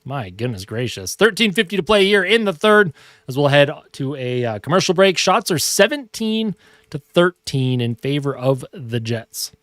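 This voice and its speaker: A man calls hockey play-by-play from his home in a relaxed, chatty fan style. His voice sits fairly high and comes through a dry, close desk mic. He keeps a steady, easygoing pace. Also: moderate pace, dry recording. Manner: casual play-by-play, chatting with his cat and viewers. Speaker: hockey stream host. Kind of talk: live play-by-play commentary. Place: home room.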